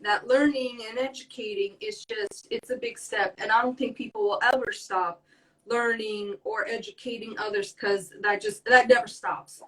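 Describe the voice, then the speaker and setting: A woman's voice: fairly high pitch, moderate pace, fairly bright tone, distant mic, rough recording. Earnest young woman, set back from the mic. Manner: earnest, rambling with many fillers. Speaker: guest. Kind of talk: casual conversation.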